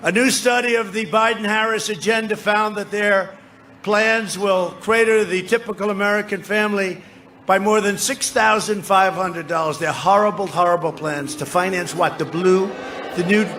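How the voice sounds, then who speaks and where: A man in his seventies giving a rambling, repetitive, boastful campaign rally speech into a podium microphone, often shouting to the crowd. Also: high-pitched, moderate pace. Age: 70s. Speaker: politician addressing a rally. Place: large rally venue. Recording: noisy live rally sound.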